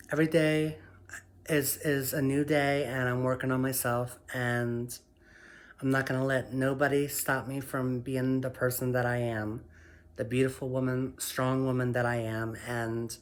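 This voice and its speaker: A woman sharing her personal story in a vlog, emotional and heartfelt, speaking softly and affirming herself again and again. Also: extremely low pitch. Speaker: vlogger.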